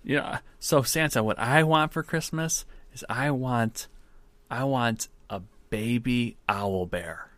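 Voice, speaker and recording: A man voicing an eager little boy, breathless and excited, with a squeaky rising pitch. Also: slow pace, no room sound. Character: eager little boy asking Santa for a pet.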